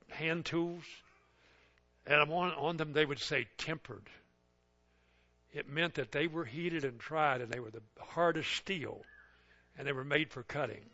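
Man preaching, animated, bright forceful voice, muffled lo-fi recording. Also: on the high side. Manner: animated preacher acting out little scenes with voices. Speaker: pastor. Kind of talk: sermon.

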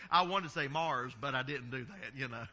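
A man's voice: mid-range voice, sharp tone, dull audio. A middle-aged man with a Southern American accent preaching a sermon in a folksy way, drawing out his vowels and chuckling at his own stories. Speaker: pastor.

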